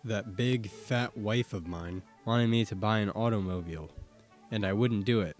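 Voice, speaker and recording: A man with a fairly low voice reads old court testimony in the first person, in the unhurried manner of an audiobook narrator. His delivery stays steady and measured, and faint music sits quietly behind him.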